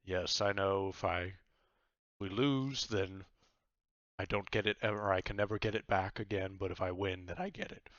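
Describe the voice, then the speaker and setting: A hesitant witch asking for a favor, as a man puts her on, his voice only a little raised. The sound is bright, dry and slightly dull. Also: sits low, fairly even intonation, normal speed, dry recording. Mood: pleading. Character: female witch, pushy bargainer.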